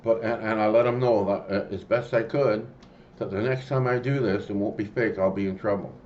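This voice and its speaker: A man telling a personal story in a rambling, halting way, full of fillers and restarts. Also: lowish voice, fairly even intonation, lo-fi sound, slight background noise. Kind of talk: casual spoken storytelling.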